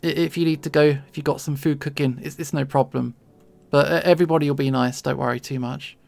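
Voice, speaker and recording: Gravelly-voiced man chatting on stream. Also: a little high, steady tone, quick pace, a little mellow, no echo. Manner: friendly and rambling, often repeats words when starting sentences. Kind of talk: casual chat to a livestream audience while drawing.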